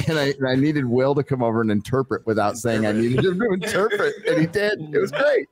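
A man's voice: medium pitch, sing-song, normal speed, a crowd in the background. A man co-hosting a casual panel show, reading out donation messages and chatting, swearing and laughing often. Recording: noisy livestream audio.

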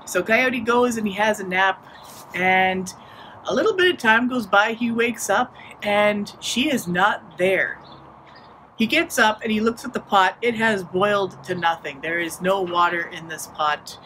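A storyteller retelling a traditional folktale in a relaxed, playful way with modern slang. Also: mid-range voice, measured pace, a little hiss or hum, rough recording. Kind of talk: casual oral storytelling.

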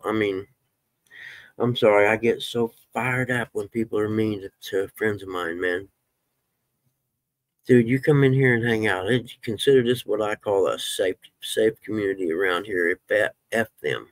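Brief: low-voiced man, relaxed folksy live-stream chatter, dry close sound. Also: a little slow, no room sound. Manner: folksy, swears when fired up. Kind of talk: casual live-stream chat.

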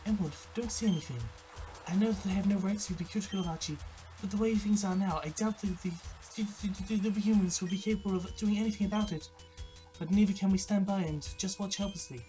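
A gamer playing a stern rival leader from a handheld game, grave and pressing. The lines are read a touch higher than the reader's usual voice, mid-pitched overall, with faint game music behind. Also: quick pace, lightly acted, poor audio. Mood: urgent. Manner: reading game dialogue aloud, a bit higher and brighter.

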